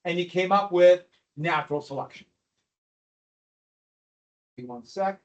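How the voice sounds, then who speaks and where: Man, history teacher, slightly high voice, classroom lecture, jokey, teases students with questions. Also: a little slow, lo-fi sound. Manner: joking, teasing the class with questions.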